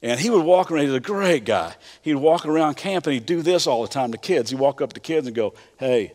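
A man's voice: on the high side, animated, fairly quick, darkish tone. A middle-aged man with a Kentucky accent, preaching a sermon in a folksy, conversational way with frequent stammered restarts. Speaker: pastor. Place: church auditorium. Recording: church hall reverb.

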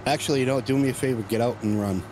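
A man's voice: mid-range voice, racing, a little mellow, slight background noise. A man co-hosting a gameplay chat, teasing his partner and laughing often. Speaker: gaming co-host.

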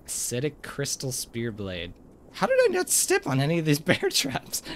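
A man's voice: medium pitch, normal speed, a little hiss or hum. A man chatting casually and joking while playing a game with a friend. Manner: joking, animated. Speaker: gamer. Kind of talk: casual let's-play chat.

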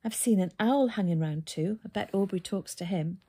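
A woman voicing an excitable, flustered middle-aged male birdwatcher who talks eagerly and breathlessly. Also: mid-range voice, moderate pace, husky, natural voice. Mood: excited.

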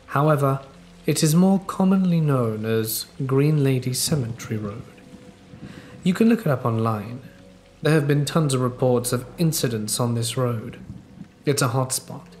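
A man narrating true scary stories in a calm, measured storytelling way. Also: medium pitch, slight background noise. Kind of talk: scripted narration. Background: faint rain ambience.

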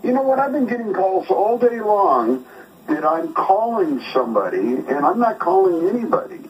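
A man's voice: sits high, big pitch swings, moderate pace. A man on a prank phone call who talks in abrupt, threatening, profane bursts. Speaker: prank caller.

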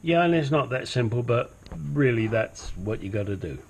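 At a moderate pace and with an animated, mid-range voice, a man works through brakes and control arms for his home mechanic channel. His narration is casual, sprinkled with swearing, asides, and the odd put-on silly accent.

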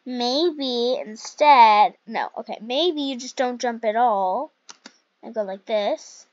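A woman's voice: fairly high pitch, slow pace, no echo, muffled recording. A woman hosting casual game commentary at home, chatty and rambling as she plays. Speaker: gaming channel host.

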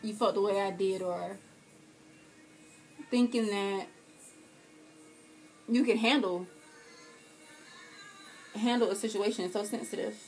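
A young woman vlogging a profane, dramatic comedic rant, swinging between loud outbursts and quiet hurt. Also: medium pitch, fairly even intonation, takes it slowly, long pauses, soft background music.

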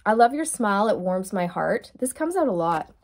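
A chatty woman reads tarot cards straight to her viewers in a relaxed, casual way. Her voice sits at an ordinary middle pitch, and she keeps slipping into giggles between thoughts. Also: moderate pace. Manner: giggly, bursts into laughter; chatty, addresses viewers directly. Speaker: tarot reader. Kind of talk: casual tarot reading to camera.

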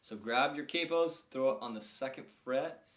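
Over loud acoustic guitar, a man with a mid-range voice and normal pace teaches an easygoing lesson. He counts the beats aloud while strumming and names the chords as he plays, keeping the instruction casual.

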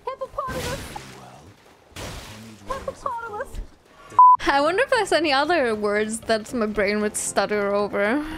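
A woman streaming a game, chatting casually, often laughing, tripping over words and yelling in frustration. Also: a little high, normal speed, very noisy. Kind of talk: casual live-stream chat.

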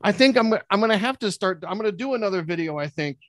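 High-pitched middle-aged guy, jokey, laughs a lot, dry close sound on a call. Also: lively intonation, fast, fairly bright tone, no room sound. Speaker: guest co-host, police officer. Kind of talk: casual chat. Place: home.

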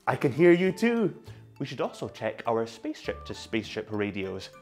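Animated man leading kids. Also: on the high side, moderate pace, soft background music. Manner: animated, sing-song, coaxing call-and-response. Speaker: children's movement session leader. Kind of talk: guided movement lesson for young children.

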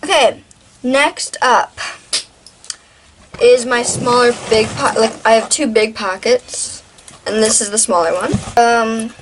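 A woman's voice: a little high, fairly even intonation, slow, pauses often, noisy background. A teenage girl in a casual show-and-tell vlog, talking in a chatty, rambling way with lots of fillers and restarts. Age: teens. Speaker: vlogger.

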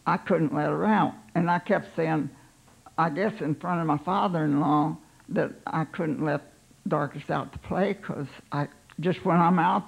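An older woman, a pastor's wife, telling her life story in an unhurried, halting way, voicing her own thoughts aloud. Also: low voice, vocal fry, breathy edge, poor audio.

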